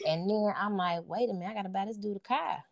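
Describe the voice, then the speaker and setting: Over crowd noise, a fast-talking woman with a mid-range voice is being interviewed. She's a single mother speaking informally and from the heart about her sons, earnest and frequently adding "you know what I'm saying".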